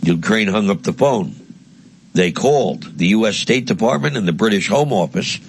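A man's voice: lowish voice, expressive, moderate pace, a little hiss or hum. A man giving a blunt, heated political monologue, crude and mocking in tone. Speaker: political commentator. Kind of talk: impassioned monologue.

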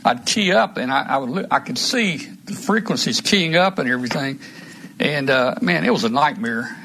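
A man's voice: mid-range voice, lively intonation, normal speed, creaky, sharp tone, slight background noise. A man hosting a casual live stream, rambling through gear talk with many restarts. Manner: rambling, restarts often, trails off. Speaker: host of a radio hobby live stream.

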